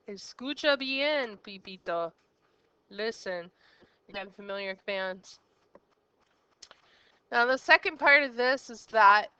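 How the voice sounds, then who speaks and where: The recording is muffled but has no echo, and the teacher's mid-range voice comes across pushed and bright, clear and resonant. She's a Spanish teacher delivering a recorded grammar lesson, breaking it down step by step and posing questions to the listener.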